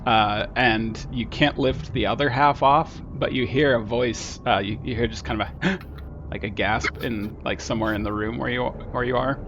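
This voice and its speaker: A man's voice: mid-range voice, fairly even intonation, moderate pace, few pauses, noisy background. A man narrating as game master of a tabletop game, laid-back and hesitant with many fillers. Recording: dull lo-fi audio with loud music.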